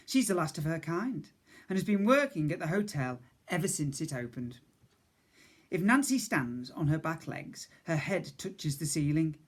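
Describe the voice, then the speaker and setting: A man, a teacher, reading a storybook aloud to young children, stopping to ask questions and explain words. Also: on the high side.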